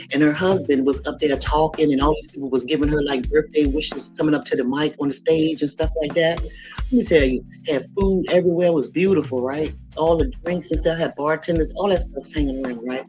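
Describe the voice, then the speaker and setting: A woman hosting a casual livestream, telling lively, laughing stories and reading out viewers' comments. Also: deep voice, brisk, faint music behind. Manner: lively, laughing storyteller, talks straight to viewers. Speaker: livestream host. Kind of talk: casual storytelling and chat reading.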